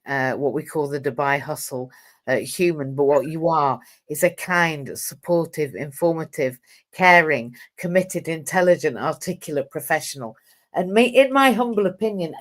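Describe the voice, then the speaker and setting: A middle-aged woman hosting a live interview over a video call, talking in a rambling, jokey and effusive way. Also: low-pitched. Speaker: host. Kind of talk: casual interview chat.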